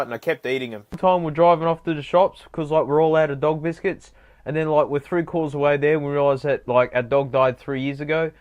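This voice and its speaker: Rambling Australian bloke with "mate" fillers. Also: male voice, on the high side, steady tone, a little fast. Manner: ocker slang, constant "like" and "mate" fillers. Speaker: comedic YouTuber. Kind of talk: rambling absurd comedic anecdotes.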